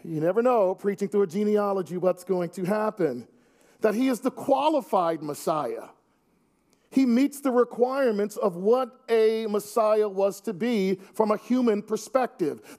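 A man's voice: high-pitched, darkish tone. A man preaching a sermon to his congregation, earnest with wry asides. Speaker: pastor.

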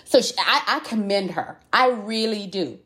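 A woman's voice: mid-range voice, animated, moderate pace, sharp tone. A woman hosting a podcast, giving impassioned relationship commentary in an emphatic, preachy way and repeating herself for emphasis. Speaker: podcast host.

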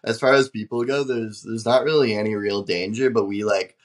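A man's voice: lowish voice, fairly even intonation, moderate pace. A man chatting casually as a podcast guest, laid-back, cursing freely and leaning on "dude" and "like". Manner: laid-back, swears a lot, says "dude" and "like".

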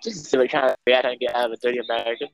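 A man's voice: medium pitch, fairly even intonation, rapid-fire, dry recording, dull audio, pitched below the performer's own voice, natural voice. A man putting on a mock British accent to play a snooty, insulting British man in an improvised comedy skit. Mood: sneering. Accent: put-on British. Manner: sneering, taunting.

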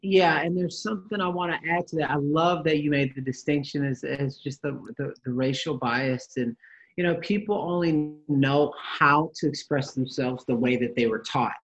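A man's voice: on the high side, normal speed, fairly bright tone, lo-fi sound. A young man, a guest in a casual conversation, telling stories with passion and acting out the dialogue. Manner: passionate storyteller, acts out dialogue.

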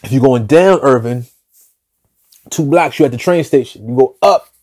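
A man telling a street story in a slangy, profane, animated way, often restarting his sentences. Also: medium pitch, normal speed, dry recording.

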